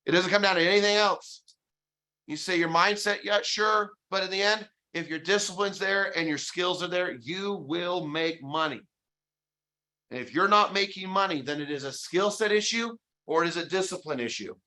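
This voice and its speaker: An energetic man leads a sales training session and drives home his points with emphasis. His voice sits a little high and has a bright, sharp edge. He often slips into quick quoted exchanges between agent and client. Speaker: real estate sales trainer. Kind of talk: motivational training talk.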